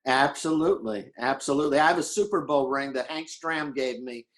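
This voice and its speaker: An older man from Florida, a podcast guest telling animated stories and acting out the people he quotes. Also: mid-range voice, normal speed. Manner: animated storyteller who acts out quotes. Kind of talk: casual storytelling chat.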